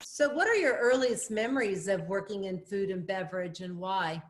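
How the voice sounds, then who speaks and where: A woman's voice: medium pitch, animated, normal speed. Woman interviewer asking open questions. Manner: brief encouraging replies and open questions. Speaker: interview host. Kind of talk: casual interview.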